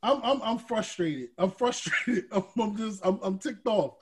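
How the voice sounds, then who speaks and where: A male podcast host in heated sports talk, animated, swinging from shouted rants to low grumbles, with a husky voice. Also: a little slow.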